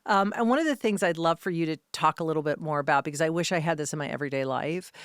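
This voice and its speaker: Deep smooth woman host, eager chatty questions, dry close sound. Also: dry recording. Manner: enthusiastic, quick back-channel replies. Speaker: interview host. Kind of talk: casual interview chat.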